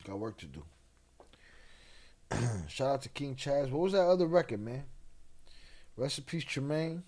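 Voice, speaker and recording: A man hosting a casual late-night livestream, laid-back and slang-heavy, reading chat and giving shout-outs. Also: mid-range voice, very animated, unhurried. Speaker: livestream host.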